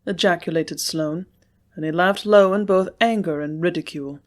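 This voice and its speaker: A woman narrating a classic western novel in a measured storytelling manner. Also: on the low side. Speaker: audiobook narrator. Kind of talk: scripted narration.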